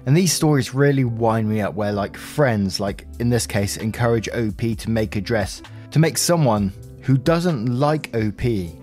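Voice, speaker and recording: A man's voice: medium pitch, expressive, measured pace, a little mellow, soft background music. A man reading out online advice posts and comments, adding his own blunt, opinionated commentary. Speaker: narrator reading forum posts.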